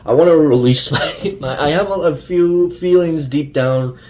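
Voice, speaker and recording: A man's voice: a little high, a little slow, darkish tone, slight background noise. A young man ranting casually to camera as a fan vlogger, rambling with many fillers and restarts.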